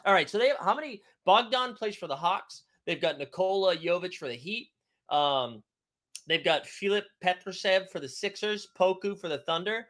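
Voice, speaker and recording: A young man chats loosely on a live stream, wandering off into jokey, self-mocking tangents. His voice sits a touch high and swings widely in pitch. The tone is bright and forward. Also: expressive, normal speed. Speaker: podcast host. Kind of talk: casual live-stream chat.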